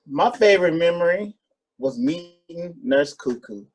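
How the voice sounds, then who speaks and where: A man's voice: fairly high pitch, lively intonation, a little slow, breathy edge, poor audio. A young man, a camp coordinator, chatting casually and laughing mid-sentence. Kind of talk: casual podcast chat.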